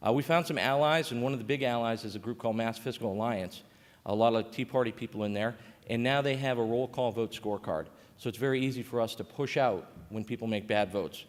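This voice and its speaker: A man's voice: medium pitch, fairly quick. A man giving a conversational conference panel talk as a state coordinator, with frequent fillers and restarts. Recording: reverberant conference hall.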